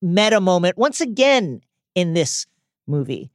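Excitable man co-hosting a film podcast. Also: high-pitched, measured pace, no room sound, clean studio sound. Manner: excitable, quotes lines in mock voices. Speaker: podcast co-host. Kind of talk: enthusiastic film-recap podcast chat.

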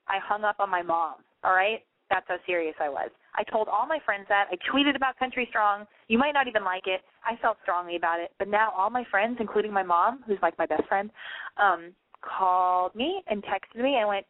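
Her voice sits at medium pitch with lively intonation and a moderate pace. She's a young call-in show host who chats and rambles, swearing frequently and leaning on "like" as filler, heard through a dry, tinny, phone-like recording.

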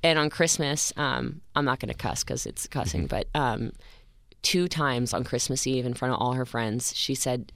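A woman in her thirties, a podcast guest telling a personal story in an earnest, halting way with many restarts. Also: rumbling low, a bit bright, no echo, clean studio sound. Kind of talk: emotional interview storytelling.

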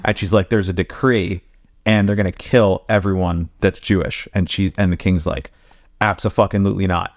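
A man co-hosting a podcast, retelling a story casually and profanely, slipping quick quoted lines into it. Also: low voice, steady tone, no echo, studio quality. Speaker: podcast co-host. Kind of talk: casual storytelling among friends.

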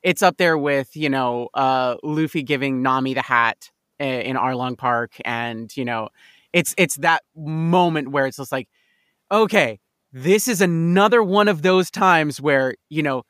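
A man's voice: medium pitch, unhurried, fairly bright tone, no room sound, clean studio sound. A man co-hosting a casual talk show, joking and riffing with sarcastic asides. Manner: jokey, riffs with sarcastic asides. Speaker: podcast co-host. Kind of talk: casual chat.

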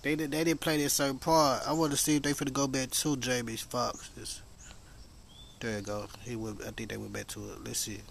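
A man's voice: medium pitch, flat delivery, brisk, creaky, a little hiss or hum. A man hosting a podcast in a casual monologue, emphatic, profane and preachy, rambling as he goes. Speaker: podcast host.

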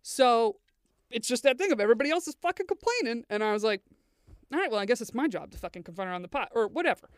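A woman's voice: fairly high pitch, big pitch swings, fast talker, smooth, no room sound, clean studio sound. A woman hosting a podcast, telling stories in a casual chat and swearing freely. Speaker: podcast host.

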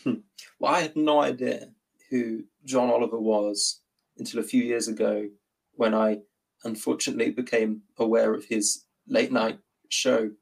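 A gravelly, dry British man. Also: mid-range voice, steady tone, poor audio. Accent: British English. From Britain. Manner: dry, measured. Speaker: guest. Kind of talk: casual reaction chat.

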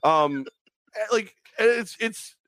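A man in his forties co-hosting a sports talk show, telling stories casually and mimicking others in high squeaky voices. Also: slow pace, no echo, studio quality. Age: 40s. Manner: animated storytelling, acts out high-pitched quoted voices. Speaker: radio show co-host.

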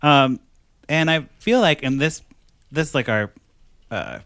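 A man's voice: fairly high pitch, animated, fairly bright tone, no room sound, clean studio sound. A man co-hosting a casual podcast, recapping a movie in a chatty, joking way. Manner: chatty, joking, breaks into quick mock voices. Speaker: podcast co-host.

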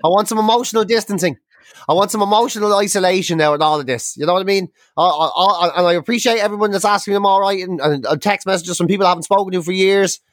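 A young man chatting on a podcast, ranting and swearing as he tells his stories. His voice sits high for a man. The sound is dry and close. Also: quick pace, no echo. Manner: sweary, ranting, exasperated storytelling. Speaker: podcast co-host. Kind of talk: casual chat.

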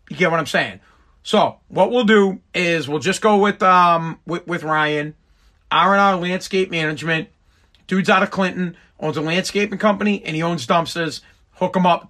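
A man's voice: sits high, pushed and bright. A middle-aged man hosting a podcast, rambling and swearing through a tipsy, exasperated monologue. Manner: profane, tipsy storytelling, rising to exasperated rants. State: tipsy from drinking. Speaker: podcast host.

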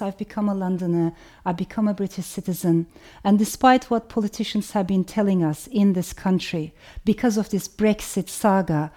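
Author, woman, Turkish accent, warm mellow tone, measured and reflective, stacks ideas in long lists. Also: mid-range voice. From Turkey. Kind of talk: reflective talk with a reading.

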